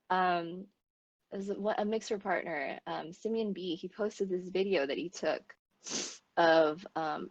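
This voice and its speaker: A woman's voice: lowish voice, a little slow, no echo, highs cut off. An American woman streamer speaking in an earnest, heartfelt, rambling way, openly emotional as she talks. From United States. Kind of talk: earnest casual discussion.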